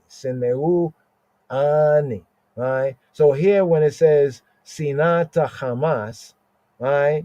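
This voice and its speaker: Slow-talking man teaching scripture. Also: a little high, warm tone, dry recording. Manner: explains Hebrew words slowly, repeating them, often tagging "right?". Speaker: Bible study host.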